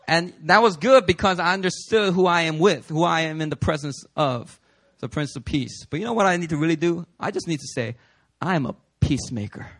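A pastor in his thirties from New York preaching a sermon at a church service, telling stories with jokes and building to loud, emphatic shouts. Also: fairly high pitch, a little fast, few pauses.

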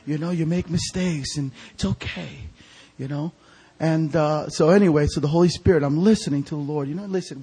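A man preaching a storytelling sermon as an evangelist, animated and acting out the voices of people in his stories. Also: on the high side, husky. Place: church sanctuary.

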